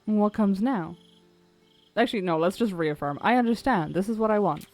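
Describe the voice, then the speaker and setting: A woman's voice: medium pitch, moderate pace, a little mellow. A woman streaming a video game, chatting casually, swearing and laughing easily. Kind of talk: casual gameplay commentary. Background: faint game music.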